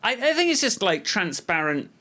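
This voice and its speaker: A man's voice: high voice, very animated, moderate pace, sharp tone, a little hiss or hum. An English man co-hosting a podcast, chatting casually about politics in a thoughtful, rambling way, often restarting his sentences. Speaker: podcast co-host.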